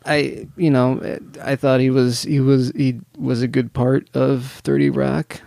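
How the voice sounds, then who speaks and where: A man's voice: mid-range voice, level tone, measured pace, creaky, mellow, no echo, clean studio sound. A man co-hosting a podcast in casual chat, talking eagerly and often restarting his sentences. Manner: chatty, repeats words when he restarts. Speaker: podcast co-host.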